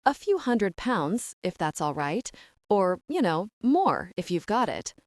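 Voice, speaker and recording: A woman's voice: medium pitch, sing-song, a little slow, a little mellow, dry recording, studio quality. A woman voicing a flustered, chatty young woman short on cash, eager and breathless.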